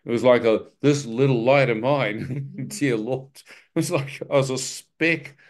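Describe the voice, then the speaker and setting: A man of middle pitch recounting his own story before a congregation. He tells it with animation and wry, self-deprecating jokes, acting out his own thoughts as he goes. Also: unhurried. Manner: vivid, animated storytelling with self-mocking humor. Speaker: guest speaker sharing his testimony. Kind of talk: testimony told to a live church audience.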